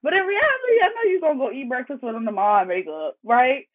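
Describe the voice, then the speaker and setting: A woman therapist in casual conversation, explaining ideas in an animated way and tagging her points with "right?". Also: sits high, quick pace. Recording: tinny phone-like line.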